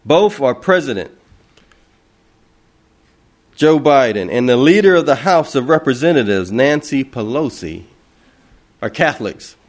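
A man preaching an impassioned sermon, asking rhetorical questions and repeating phrases for emphasis. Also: a little high.

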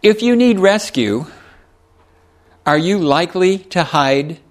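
A man's voice: high-pitched, lively intonation, slow pace. A man preaching a sermon, reading scripture aloud and explaining it in a folksy way with chuckles.

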